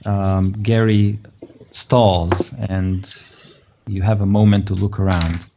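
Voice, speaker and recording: A man's voice: deep voice, level tone, slow, background noise. A man narrating as game master of a tabletop game, hesitant with many fillers and frequent laughs. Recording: dull lo-fi audio.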